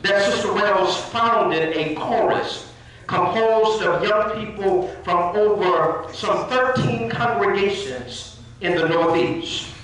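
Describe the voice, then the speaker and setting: A man's voice: high voice, slow pace, a bit bright. A man addressing a church congregation, leading call-and-response praise and thanking the choir. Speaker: minister. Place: church hall. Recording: echoey church hall from far off.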